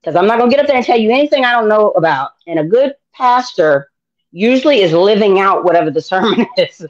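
A middle-aged American woman sharing her faith testimony in an interview, animated and acting out dialogue in voices. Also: medium pitch, fast, highs cut off. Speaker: guest.

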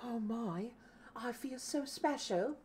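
A woman's voice: on the high side, expressive, slow pace, darkish tone, a little hiss or hum, voice pushed up. A woman putting on the voice of a meek little Victorian orphan boy, sounding awed and overly grateful.

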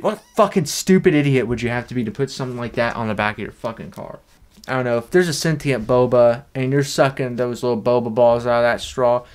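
Deadpan, crude young man. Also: mid-range voice. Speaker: vlogger. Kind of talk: comedic sticker review vlog.

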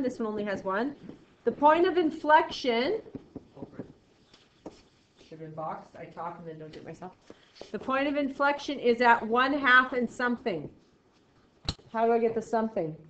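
A woman's voice: on the high side, animated, moderate pace, long pauses, a bit bright. A woman math teacher lecturing a class, chatty and self-deprecating, quizzing her students as she works. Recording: roomy, dull lo-fi sound with faint noise.

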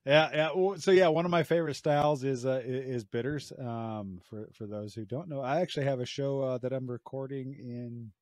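Halting American man hosting a beer chat. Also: medium pitch, fairly even intonation, a little mellow, no echo, studio quality. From United States. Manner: hesitant, many restarts and fillers. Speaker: podcast host. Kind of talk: casual chat.

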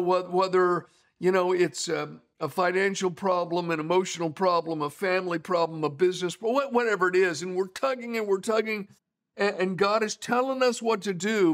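A middle-aged man delivers a sermon in an earnest, conversational way, weaving in stories. His voice sits a little higher than most men's. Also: moderate pace. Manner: earnest, conversational preaching with storytelling. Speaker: pastor.

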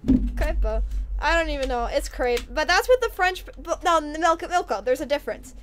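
A high-voiced young woman talks loosely to her chat while streaming a game, prone to giggles and quick bursts of excitement. Behind her there's keyboard clatter and slight background noise.

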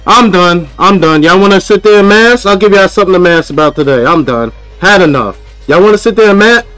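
Aggravated man streamer, high voice, profane repetitive gameplay rant. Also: very animated, fairly quick, fairly bright tone, dry recording, faint music behind, low-quality recording. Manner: frustrated ranting, repeats himself, profane. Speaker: gaming streamer. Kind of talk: live gameplay commentary.

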